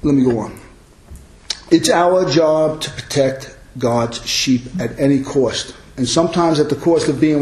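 A male pastor delivers a sermon in a fairly high voice, earnest and emphatic. His words ring out in a roomy, echoing church. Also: a little slow, darkish tone, slight background noise.

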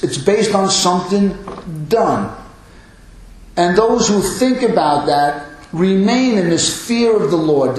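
A man in his fifties preaching a sermon in a church, earnest and emphatic, driving points home by repeating phrases. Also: high voice. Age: 50s. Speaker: pastor. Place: church hall. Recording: very echoey room.

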